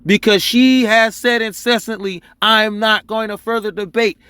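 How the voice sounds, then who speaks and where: High-voiced man yelling reactions. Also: steady tone, normal speed, clean tone, dry recording. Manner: loud, exasperated, yelling and cursing. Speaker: reaction streamer. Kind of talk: angry live reaction commentary.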